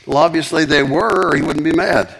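A man preaching a sermon with emphatic, animated delivery and frequent repetitions. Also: fairly high pitch, a little fast, creaky, husky.

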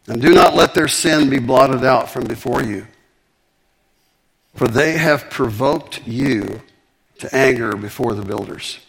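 A man preaching a sermon with emphatic, animated delivery and frequent repetitions. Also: medium pitch, creaky, husky.

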